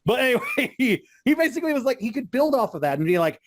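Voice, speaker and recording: A man's voice: on the high side, big pitch swings, quick pace, few pauses, dry recording, clean studio sound. A man co-hosting a wrestling podcast, ranting in casual chat with frequent swearing and laughter. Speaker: podcast co-host.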